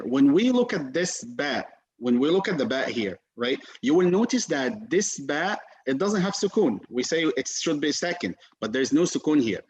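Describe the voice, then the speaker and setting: A male teacher giving an online class, patiently repeating sounds slowly for his students to copy. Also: a little high, breathy edge. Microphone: video call. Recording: dull lo-fi video call audio.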